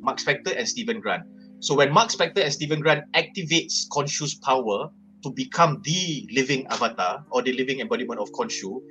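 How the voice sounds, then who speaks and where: Bright-voiced Malaysian man, animated panelist. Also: medium pitch. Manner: code-switching, animated and emphatic. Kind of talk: casual panel discussion.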